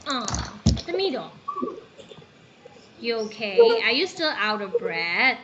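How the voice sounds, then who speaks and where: A woman's voice: fairly high pitch, big pitch swings, slow, a bit bright. A Burmese-accented woman teaching an online English class, coaxing and encouraging her students over a video call. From Myanmar. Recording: muffled call audio with background noise.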